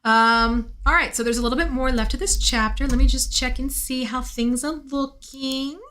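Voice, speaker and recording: A woman with a slightly hoarse voice, reading a novel aloud on a live stream in an unhurried way, with chatty asides. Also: high voice, fairly even intonation, sharp tone.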